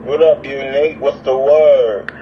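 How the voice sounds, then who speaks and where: A man's voice: mid-range voice, steady tone, measured pace, far from the mic. A young man from Alabama, chatting casually in laid-back slang while walking outdoors. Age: young adult. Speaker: livestream caller. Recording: muffled phone audio with noise.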